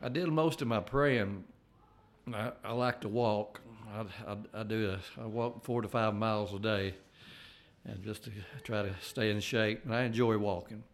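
An older man giving an earnest personal testimony, halting and restarting as he talks. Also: fairly low pitch, fairly even intonation. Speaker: layman giving a faith testimony.

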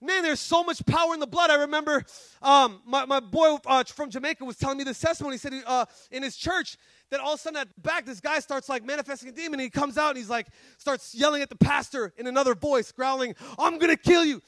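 A man preaching an energetic sermon in a fervent, slangy way, shouting at the peaks. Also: very high-pitched, fast, dry recording.

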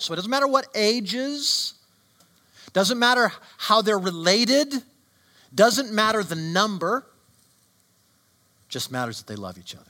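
Emphatic preaching man, bright lively voice. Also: high voice, unhurried, pauses often. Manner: emphatic preaching, rhetorical questions. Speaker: pastor. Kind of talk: sermon.

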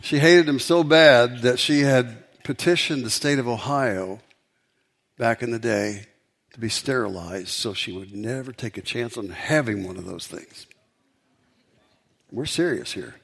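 A male pastor delivers a sermon through a long personal story. His voice sits at a mid pitch. He builds to forceful, emphatic peaks. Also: gravelly, husky.

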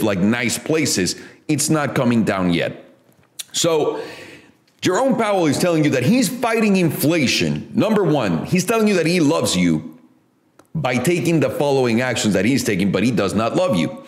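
A man hosting a casual finance commentary, blunt and profane in how he talks. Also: mid-range voice. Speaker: host. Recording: echoey room.

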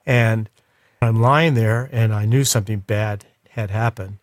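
A man's voice: on the low side, steady tone, unhurried, no echo, studio quality. A man as an interview guest, telling a personal story in an emotional, reflective way.

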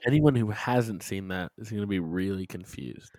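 A young man co-hosting a casual online chat, opinionated and joking, thinking out loud. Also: sits low, normal speed, dry recording. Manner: opinionated, joking, muses aloud. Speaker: podcast co-host.

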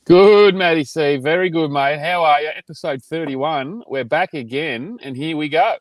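A man's voice: a little high, normal speed, dry recording. A young Australian man co-hosting a podcast from his parked car, laid-back and laughing easily, a little short on sleep. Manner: laid-back, laughs often, says mate a lot. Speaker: podcast co-host. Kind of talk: casual chat.

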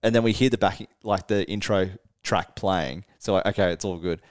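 A man with a fairly low voice, co-hosting a podcast. He tells a road story in loose, animated chat. He laughs a lot and swears without a second thought. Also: normal speed. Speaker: podcast co-host, band musician.

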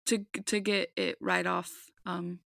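A woman co-hosting a podcast chats casually about a game, full of ums and restarts. Her lowish, level voice has vocal fry and a fairly bright tone, and she takes it slowly. The recording is dry and studio quality.

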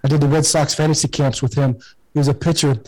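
A man in his forties speaking with a fairly high pitch as he tells his story on a podcast. His delivery is earnest and emphatic, with the motivational push of a former athlete who wants to lift people up. He often doubles back and repeats words as his feeling builds. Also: fairly even intonation, fast, darkish tone, rough recording. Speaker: podcast guest, former pro baseball player.

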